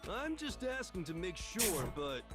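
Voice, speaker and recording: A woman streamer voicing a wary game character in a lower, quieter voice over music. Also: big pitch swings, a little slow. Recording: music in the background.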